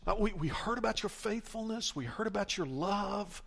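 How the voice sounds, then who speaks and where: An older man delivers a sermon from the pulpit, emphatic and given to repeating and restarting phrases. His voice sits a little high for a man and carries a gravelly rasp. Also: expressive, normal speed, a bit bright. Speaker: pastor.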